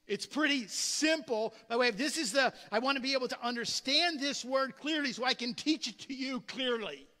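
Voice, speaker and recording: Male pastor, high ringing voice, lively restarting delivery, long hall echo. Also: brisk, few pauses. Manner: animated preaching with frequent word repetitions. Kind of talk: sermon. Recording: long reverb of a large hall.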